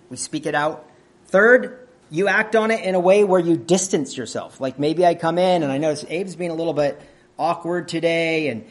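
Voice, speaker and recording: Husky-voiced man preaching a sermon. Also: a little high. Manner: conversational teaching, asks the audience questions; clears throat often.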